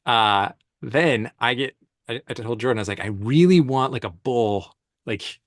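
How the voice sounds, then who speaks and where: A man, a commercial photographer, casually telling animated stories with slang and laughs in a conversation. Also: medium pitch, normal speed, no room sound, studio quality. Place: event space on stage.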